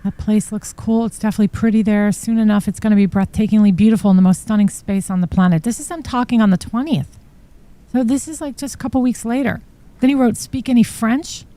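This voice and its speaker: Woman, true crime host, mellow voice, reads messages aloud, shocked asides. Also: mid-range voice, fast. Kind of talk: live-stream commentary reading trial exhibits.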